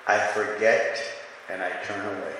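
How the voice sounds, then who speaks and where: In a church sanctuary, a pastor preaches to his congregation, leading call-and-response and repeating lines for emphasis. His voice is fairly low and forceful with a bright tone, delivered flatly and without hurry. The hall is echoey, with faint room noise.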